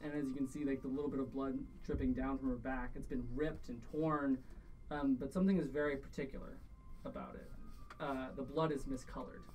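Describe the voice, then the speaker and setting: A woman's voice: a bass voice, fairly even intonation, brisk, darkish tone, recorded from a distance, a little hiss or hum, low-quality recording. A woman narrating as game master of a streamed tabletop game, loose and rambling with fillers and restarts.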